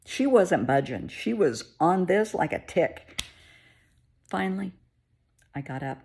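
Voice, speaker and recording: Low, gravelly, husky woman telling a story. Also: lively intonation, slow, darkish tone. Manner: candid, emotional, conversational retelling. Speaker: therapist. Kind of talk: personal storytelling vlog.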